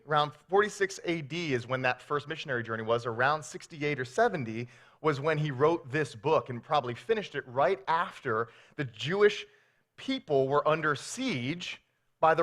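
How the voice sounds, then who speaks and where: A man's voice: on the high side, fairly bright tone. A man preaching a sermon as pastor, telling stories with playful acted quotes.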